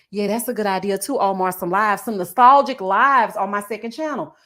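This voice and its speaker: A woman recapping a reality show on her channel, chatting loosely with viewers, reading their comments aloud and laughing often, with drawn-out endearments. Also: medium pitch, animated, a bit bright. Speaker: TV recap YouTuber. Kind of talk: casual recap commentary reading live chat.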